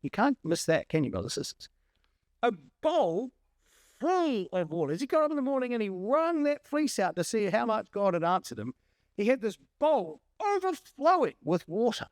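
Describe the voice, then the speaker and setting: Animated male preacher, very lively pitch. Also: normal speed, no echo, studio quality. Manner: animated, emphatic, acts out quoted lines. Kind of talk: sermon.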